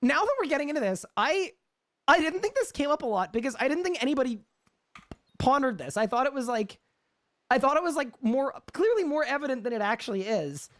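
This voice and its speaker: A man's voice: extremely high pitch, sing-song, a little fast, fairly bright tone. A young man with a Canadian accent, chatting casually on a live gaming stream and answering chat questions.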